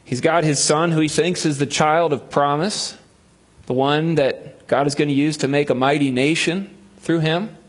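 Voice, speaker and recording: A man's voice: fairly high pitch, steady tone, normal speed, breathy edge. A male pastor preaching a sermon, telling a Bible story with humor and acting out the voices of its figures.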